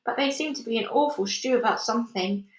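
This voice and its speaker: A woman's voice: fairly high pitch, brisk, lightly acted. Woman doing a cocky grinning centipede. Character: grinning cheeky male centipede, brash. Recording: echoey room.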